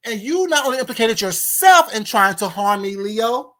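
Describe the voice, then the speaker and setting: A woman's voice: medium pitch, a little fast, hardly any pauses, a bit bright. A woman hosting a live stream, indignantly firing rhetorical questions at her viewers and a caller. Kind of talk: heated live-stream rant.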